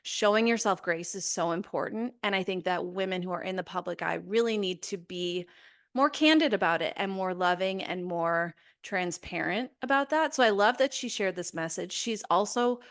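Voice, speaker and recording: A woman's voice: medium pitch, normal speed, a bit bright. Slightly winded woman in her late thirties. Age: 30s. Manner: candid, enthusiastic. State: slightly out of breath, pregnant. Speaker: podcast co-host. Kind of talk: casual chat.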